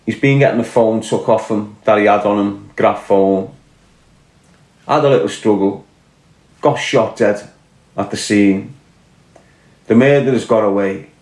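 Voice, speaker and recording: A man's voice: on the low side, a little slow, long pauses, a little mellow, echoey room. A man with a Scouse accent from Liverpool, ranting bluntly and answering viewers on a casual livestream. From Liverpool, England. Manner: blunt, combative, swearing, reading and answering chat. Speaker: livestream host.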